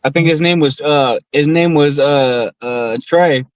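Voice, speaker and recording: Casting note: a man in his thirties with a slightly higher voice, loose and profane storytelling, dry close sound. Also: unhurried, dry recording, rough recording. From US West Coast. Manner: profane, rambling storyteller with many fillers. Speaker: podcast co-host. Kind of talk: casual storytelling among friends.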